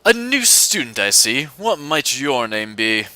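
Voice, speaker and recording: Man putting on a disdainful older British wizard professor, clipped and cold, loud bright voice in a dry room. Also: mid-range voice, big pitch swings, measured pace, no echo, heavily acted, low-quality recording. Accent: British, put on.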